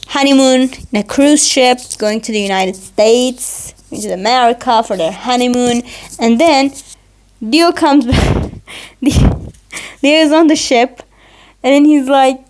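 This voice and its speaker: A woman's voice: fairly high pitch, a little mellow. A woman vlogger gushing about a show she loves, in a rambling, casual recap full of "like.".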